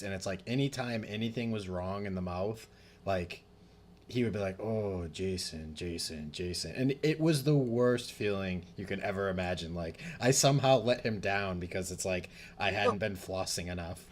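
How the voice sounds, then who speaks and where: Laid-back, lower-voiced man. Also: normal speed, slight background noise. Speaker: podcast co-host. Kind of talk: casual chat.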